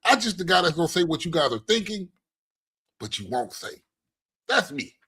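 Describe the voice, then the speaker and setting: A man's voice: high-pitched, very animated, normal speed, bright, forceful tone, slight background noise. A man co-hosting a casual podcast, talking in a laid-back, joking way. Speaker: podcast co-host.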